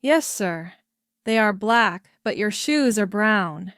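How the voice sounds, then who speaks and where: A frank, direct society lady speaks her mind, as a woman narrator reads her lines. The storybook voice is slow and clear. The sound is crisp and close. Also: medium pitch, lively intonation, a bit bright, no room sound. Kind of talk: storybook dialogue.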